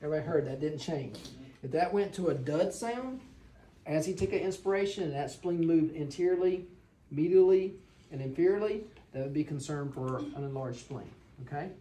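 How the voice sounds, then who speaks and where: A woman's voice: deep voice, lively intonation, brisk, dark tone. Woman teaching an exam hands-on. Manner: explains while demonstrating, checks in with the class. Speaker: clinical instructor.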